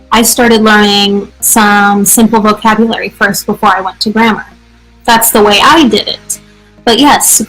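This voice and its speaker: An American woman hosting a live English practice show, answering viewer questions in an energetic, chatty way. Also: a little high, low-quality recording. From United States. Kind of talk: casual live-stream teaching.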